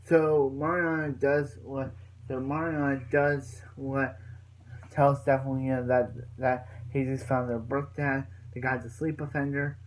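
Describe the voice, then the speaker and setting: A man's voice: medium pitch, flat delivery, unhurried, slight background noise, low-quality recording. A young man recapping a TV episode in a casual, rambling way, full of fillers and restarts. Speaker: reviewer.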